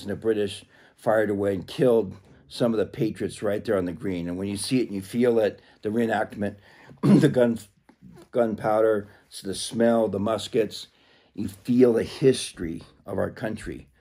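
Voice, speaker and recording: A man talking casually to camera in a rambling way, clearing a frog from his throat. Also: fairly low pitch, dark tone. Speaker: vlogger.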